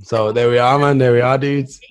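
A man's voice: mid-range voice, fairly even intonation, a little fast, smooth. A man hosting a casual podcast chat, laid-back, peppering his talk with "man" and "dude". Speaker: podcast host. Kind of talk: casual banter.

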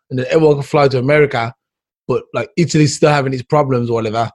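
A man in a casual conversation, meandering through his points with plenty of fillers and easygoing slang. His voice sits in an ordinary middle male pitch, relaxed and conversational. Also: very fast. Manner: rambling, lots of fillers and "dude". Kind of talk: casual chat.

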